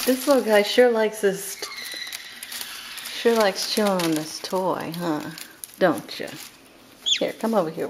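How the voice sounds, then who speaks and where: Lady cooing at baby birds, slow, lots of chirping and noise around. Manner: sing-song baby talk, high calls. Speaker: parrot breeder. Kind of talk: coaxing talk to pet birds.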